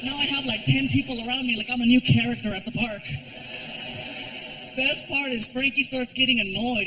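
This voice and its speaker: A man performing a stand-up comedy routine, telling stories animatedly, acting out characters and shouting punchlines. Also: very high-pitched, steady tone, brisk, low-quality recording.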